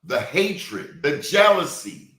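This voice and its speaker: Male interview host, emphatic and deliberate, recorded with noticeable room echo. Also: a little high, sing-song, pushed and bright. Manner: emphatic, deliberate, repeats words for stress. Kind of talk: hard-hitting interview. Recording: roomy echo.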